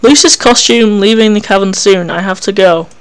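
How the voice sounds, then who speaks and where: A reader voicing Cecily, an anxious young protagonist in disguise who speaks in a flustered, hushed way. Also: medium pitch, normal speed, clear, resonant tone, natural voice.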